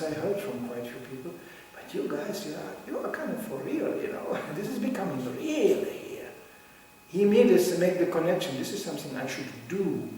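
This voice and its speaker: A man in his sixties giving a devotional lecture, chuckling often as he tells stories in an animated way. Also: on the high side, slight background noise. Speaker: spiritual teacher. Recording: echoey hall from far off.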